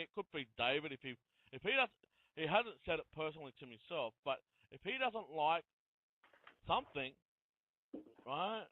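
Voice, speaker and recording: A man's voice: on the high side, no room sound. Male host, earnest and rambling, phone-line sound. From Australia. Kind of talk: casual interview.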